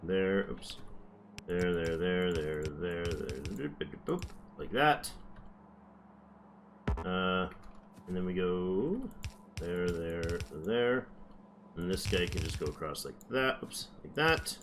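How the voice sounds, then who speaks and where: A man's voice: deep voice, expressive, takes it slowly, pauses often, noisy background. A man giving casual gameplay commentary, chatty and thinking aloud as he builds, now and then slipping into playful accents. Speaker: gameplay streamer.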